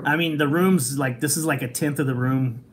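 A woman's voice: a bass voice, moderate pace, very noisy. A woman co-hosting a toy-hunting livestream from her collection room, joking with a co-host and reading chat with lots of laughter. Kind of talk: casual livestream banter.

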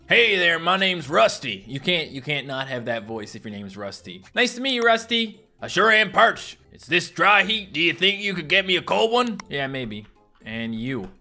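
Young male gaming YouTuber, bright tone, excitable, faint music bed. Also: mid-range voice. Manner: excitable, jokey, swings between mumbling and yelling. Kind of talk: casual let's-play commentary. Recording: faint game music behind.

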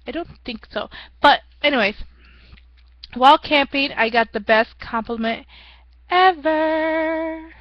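A woman's voice: on the high side, dry recording, muffled recording. A young woman giving a rambling, self-mocking casual vlog update, often laughing at herself. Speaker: vlogger.

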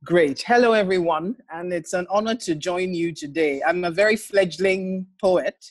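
A man in his forties speaks gently and earnestly as he introduces a poem on an online call. He sounds reflective and unhurried. The sound is dry and close. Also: high-pitched, dry recording. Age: 40s. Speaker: priest and poet. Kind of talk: casual introduction before a reading.

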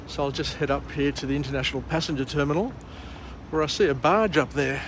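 A man's voice: on the high side, quick pace, fairly bright tone, a little hiss or hum. An Australian man hosting a walk-and-talk vlog beside an urban harbour, summarising a book with a rambling, chatty manner. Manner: chatty, rambling with fillers and restarts. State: muffled by a face mask. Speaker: vlog host. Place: outdoors by an urban harbour, walking.

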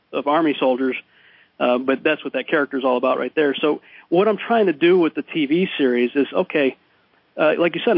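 Man, radio guest, animated, fairly high voice, muffled lo-fi broadcast sound. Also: dry recording. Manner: animated, restarts and laughs often. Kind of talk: radio call-in interview.

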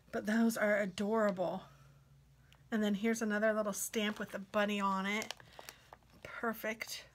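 A woman's voice: medium pitch, slight background noise. Gushing woman vlogger opening craft mail. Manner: gushing, sweet, dropping to soft whispers. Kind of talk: casual unboxing chat.

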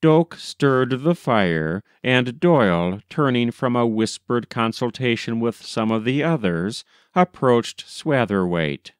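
A man narrating a story as an audiobook reader, measured and gentle. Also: medium pitch, lively intonation, clean tone, no echo, studio quality. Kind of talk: scripted narration.

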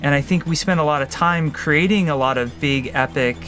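A man's voice: fairly high pitch, brisk, fairly bright tone, faint music behind. A man who works as a game designer, giving a thoughtful, reflective interview answer with some restarts.

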